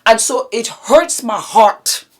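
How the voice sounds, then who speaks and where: A woman's voice: a little high, animated, takes it slowly. A woman vlogger talking to her viewers in impassioned commentary, emphatic and indignant, repeating phrases for force.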